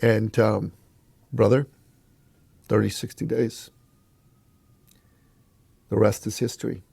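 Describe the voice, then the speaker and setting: A man's voice: lowish voice, little pitch movement, slow, gravelly, warm tone, slightly rough, no room sound. A man as a podcast guest, telling a motivational story in an emphatic, punchy way and challenging the listener.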